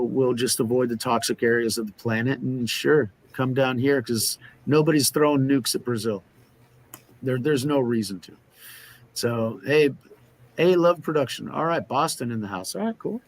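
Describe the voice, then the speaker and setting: A man co-hosting a live stream, chatting casually and rambling with many fillers and restarts. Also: mid-range voice. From Oklahoma. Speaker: co-host of a live stream chat. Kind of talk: casual chat.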